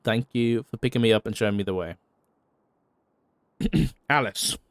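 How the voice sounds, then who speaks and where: A man's voice: mid-range voice, normal speed, no echo, clean studio sound. A man reading a farewell letter aloud in a role-play, heartfelt but salted with wry, profane asides.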